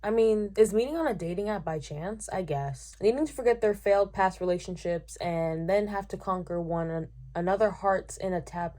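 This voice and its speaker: A young woman talks in a casual book-review vlog, reading lines from reviews and then cutting in with sarcastic, animated commentary. Her voice sits at a middle pitch for a woman. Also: normal speed, hardly any pauses. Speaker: booktuber reviewing romance novels.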